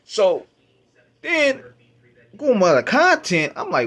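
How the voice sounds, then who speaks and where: This is a male radio host, recounting a memory in loose, casual storytelling. His voice sits a bit high and moves with lively, animated swings in pitch. He talks in a profane, expressive way, often laughing at his own reactions. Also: takes it slowly. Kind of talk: casual storytelling album review.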